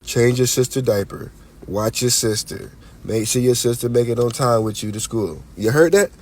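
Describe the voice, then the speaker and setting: A man in a played clip giving earnest, emphatic personal testimony with a drawn-out delivery. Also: mid-range voice, darkish tone. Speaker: man in a clip being reacted to.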